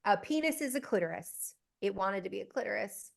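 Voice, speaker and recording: A woman in her forties, a hormone expert, speaking in an animated podcast conversation, emphatic and laughing often. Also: mid-range voice, fairly quick, vocal fry. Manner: emphatic, explains with frequent "okay?" asides and laughter.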